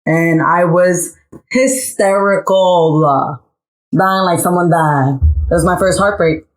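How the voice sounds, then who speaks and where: A woman with a lower voice tells a personal story to friends in a relaxed, heartfelt way. She often repeats phrases as she goes, in casual podcast talk. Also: takes it slowly, faint music behind, rough recording. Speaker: podcast co-host.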